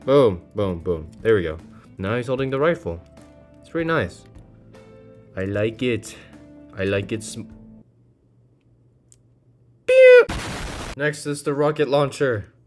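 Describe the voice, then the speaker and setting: A man casually reviewing a model kit, playful and self-deprecating, with frequent excited exclamations. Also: mid-range voice, normal speed, long pauses, faint music behind. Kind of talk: casual hands-on product review.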